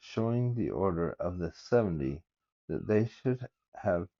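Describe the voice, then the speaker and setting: An older man reading scripture aloud and musing over it in a halting, thinking-aloud way, recorded on his phone. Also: sits low, lively intonation, lo-fi sound. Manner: reads verses aloud with halting, thinking-aloud asides. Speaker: scripture study vlogger. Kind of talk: casual scripture study talk.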